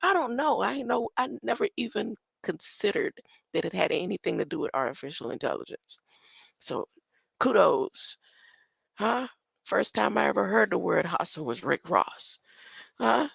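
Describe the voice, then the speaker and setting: A woman's voice: medium pitch, sing-song, moderate pace, vocal fry, fairly bright tone, husky, no echo, dull audio. An older woman thinking aloud as she reads from her screen, rambling with muttered asides and sudden exclamations. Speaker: solo streamer.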